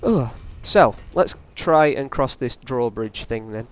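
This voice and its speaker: A man's voice: mid-range voice, expressive, slow, clean tone. A man doing casual, rambling let's play commentary, often taunting the enemies on screen. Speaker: gaming channel host.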